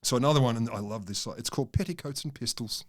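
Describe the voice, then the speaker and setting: A man's voice: mid-range voice, fast talker. A man co-hosting a science podcast, telling a story in a rambling, amused way with many restarts. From Australia. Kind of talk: casual science chat.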